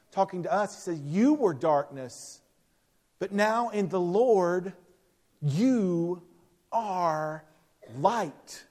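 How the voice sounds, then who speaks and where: A man from the United States preaching a sermon, telling stories with emphatic rises and soft, quiet drops. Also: high voice. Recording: long reverb of a large hall.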